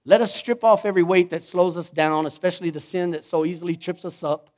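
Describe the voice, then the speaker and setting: A man preaching a sermon in an animated way, acting out the voices he quotes. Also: sits high, quick pace. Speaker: pastor.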